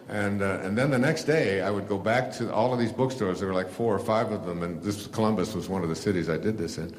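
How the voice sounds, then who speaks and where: A man's voice: low voice, fairly quick, hardly any pauses. An older man telling a rambling personal story to a live audience, full of fillers and restarts, laughing at himself. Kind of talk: casual storytelling talk.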